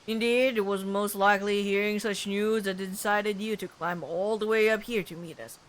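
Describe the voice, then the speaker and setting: A woman's voice: medium pitch, steady tone, normal speed, natural voice. A young woman reading a theatrical, pompous middle-aged man who fancies himself a detective, with a grandiose put-on British lilt. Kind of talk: reading game dialogue aloud.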